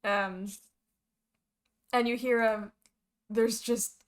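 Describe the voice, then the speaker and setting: A woman narrating as game master of a tabletop game, lively and halting with fillers. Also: a little high, clean tone.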